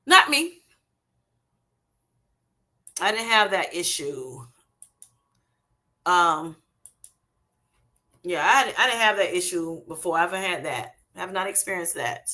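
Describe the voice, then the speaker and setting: A middle-aged livestream host speaks slowly with long pauses, her voice on the low side with lively intonation and a sharp tone. Chatting casually over a streaming setup, she laughs often and calls viewers honey and y'all.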